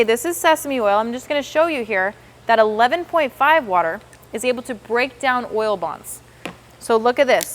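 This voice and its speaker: A woman walks her trainees through a product demonstration step by step. She talks with upbeat enthusiasm in a slightly high voice and slips into the customers' reactions as she goes. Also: fairly bright tone. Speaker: sales trainer.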